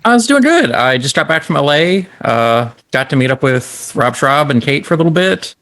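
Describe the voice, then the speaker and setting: Gravelly easygoing man on a call. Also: a little high, big pitch swings, normal speed, a bit bright, dry recording. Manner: easygoing, talkative storyteller. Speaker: podcast co-host. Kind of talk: casual chat. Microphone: video call.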